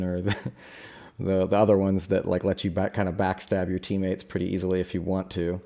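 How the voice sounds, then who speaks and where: A young man hosting a live tabletop game stream as game master, relaxed and halting, with many fillers. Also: deep voice.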